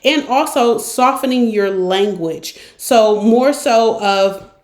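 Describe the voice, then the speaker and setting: A woman's voice: a little high, slow pace, few pauses. A woman hosting a podcast, coaching listeners in a direct, encouraging way and acting out examples. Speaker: podcast host and consultant. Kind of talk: coaching monologue. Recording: roomy echo.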